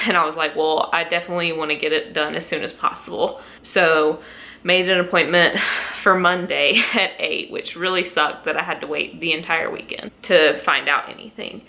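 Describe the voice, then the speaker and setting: A woman's voice: lowish voice, sharp tone. A young adult woman telling a pregnancy story at home in a casual vlog, emotional and close to tears, laughing between lines. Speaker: vlogger.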